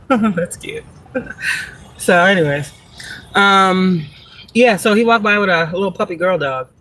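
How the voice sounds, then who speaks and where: A woman vlogging from a parked car in a casual, rambling monologue, profane and animated, laughing often as she tells stories. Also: lowish voice, slight background noise. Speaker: spiritual reader and vlogger.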